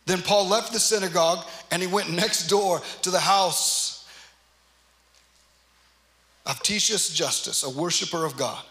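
Male pastor, high bright voice, earnest emphatic sermon, echoey church hall. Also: measured pace, pauses often. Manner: earnest, emphatic, acts out quoted lines. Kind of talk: sermon teaching through scripture.

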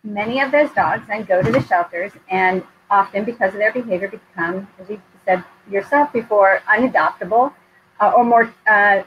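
A woman's voice: medium pitch, moderate pace, lo-fi sound, a little hiss or hum. A woman hosting an interview show, speaking in an earnest, reflective way. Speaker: show host. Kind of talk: conversational interview.

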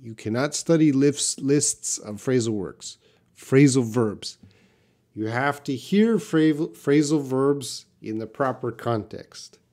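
A man teaching English on a live stream, slowly answering viewers' questions one by one. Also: medium pitch, a little mellow. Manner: slow, patient, reads out viewer questions. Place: classroom with a whiteboard.

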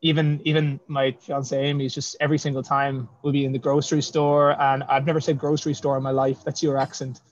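A man's voice: medium pitch, flat delivery, brisk, hardly any pauses. A man who writes fantasy novels, chatting in a casual video-call interview, self-deprecating and laughing often. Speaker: self-published fantasy author, guest. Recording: dull lo-fi video call audio.

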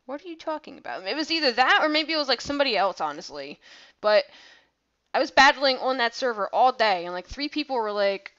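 A woman's voice: fairly high pitch, very animated, fairly quick, a bit bright, muffled recording. A woman giving casual gameplay commentary over her own battle, rambling and self-deprecating, with lots of "like" fillers.

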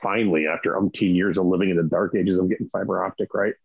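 A man's voice: low-pitched, fairly even intonation, quick pace, creaky, slightly rough, dry recording, dull audio. A man on a podcast panel chatting casually and emphatically, often checking in with "right?". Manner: emphatic, keeps asking "right?".

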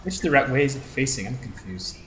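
Male gamer, excitable swearer, lively pitch, roomy echo. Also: brisk. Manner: excitable, swearing, loud yelps. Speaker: gamer co-host. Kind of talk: casual let's-play chat. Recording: roomy echo with faint noise.

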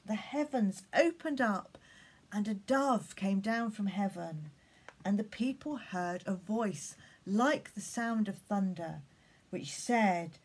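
A woman leading a children's worship session and reading a story aloud in a gentle, storytelling way. She speaks slowly and deliberately, with a slightly husky, breathy voice. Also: mid-range voice. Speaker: leader of school collective worship.

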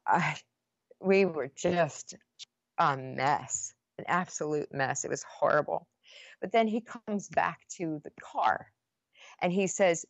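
A woman's voice: low voice, slow, vocal fry, dry recording, dull audio. A woman guest on a podcast, earnestly retelling a painful personal story with many restarts.

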